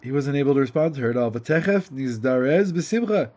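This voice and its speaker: A man teaching a lesson in an animated, chatty way, reading a story aloud, translating it and breaking into asides. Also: medium pitch, a little fast.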